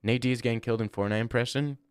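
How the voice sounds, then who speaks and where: Young man, streamer, rambling and profane, chatting while gaming, mid-pitched, close dry mic. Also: fairly even intonation, fast, clear, resonant tone, no room sound. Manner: rambling, profane, reacting to chat. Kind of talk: casual livestream chat while gaming.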